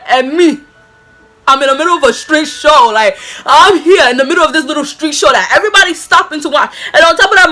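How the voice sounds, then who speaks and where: A woman's voice: high voice, sharp tone. A woman vlogger telling a personal story casually and dramatically, full of slang and acted-out moments.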